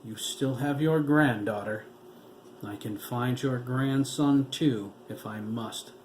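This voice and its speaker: A man's voice: mid-range voice, takes it slowly, darkish tone, slight background noise, lightly acted. A man playing a cold, menacing officer. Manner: threatening, clipped.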